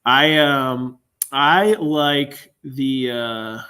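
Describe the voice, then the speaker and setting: A young man, speaking at a middle pitch. He is a news anchor in casual banter, and his tone stays easygoing. He laughs along often with his co-anchor. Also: drawn-out words, sharp tone, clear, resonant tone.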